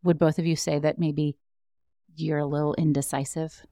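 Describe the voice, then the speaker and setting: A woman's voice: low voice, flat delivery, normal speed, dark tone, no room sound, clean studio sound. A woman guest coach on a podcast, explaining with animation and acting out quoted inner voices.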